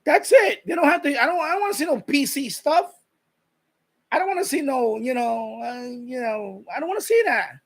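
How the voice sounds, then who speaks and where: A man's voice: very high voice, expressive, normal speed. A man hosting a live stream, chatting casually and rambling, repeating himself and reading viewer comments aloud.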